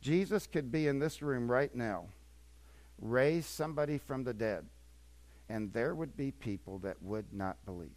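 An older man preaching a sermon as pastor, swinging between quiet asides and emphatic, repetitive points. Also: mid-range voice, expressive, a little slow.

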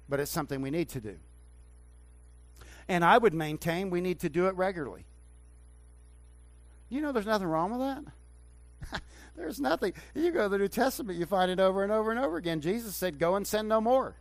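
Guy pastor preaching, slightly high voice, goes quiet then loud and fired up, dry sound. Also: expressive, brisk, long pauses, no room sound. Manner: swings from hushed to loud emphatic preaching. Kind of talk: sermon. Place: church sanctuary.

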